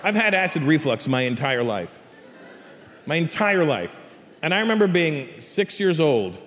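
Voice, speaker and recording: A man, a comedian guest telling animated stories in a casual radio studio interview. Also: a little high, moderate pace. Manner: animated storyteller acting out voices in his anecdotes. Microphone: studio microphone.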